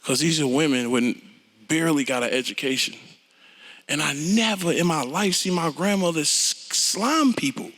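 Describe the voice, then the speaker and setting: A man, a rapper telling his story onstage in a blunt, profane and animated way. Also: a little high, moderate pace, long reverb tail. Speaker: interview guest, rapper. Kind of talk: candid onstage conversation.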